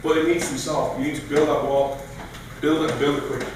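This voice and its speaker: A man giving an animated speech at a political meeting, telling stories and acting out quoted voices. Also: fairly high pitch, brisk, noisy background. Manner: animated, storytelling with mock voices. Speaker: guest speaker. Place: meeting room. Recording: echoey room from far off.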